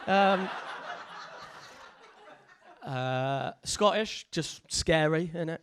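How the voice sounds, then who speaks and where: An English man performing stand-up comedy, his voice sitting a little high for a man. He rambles and stumbles through restarts and fillers, poking fun at himself as he goes. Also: normal speed. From England. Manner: rambling, self-deprecating, hesitant with fillers and restarts. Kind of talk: live stand-up comedy set.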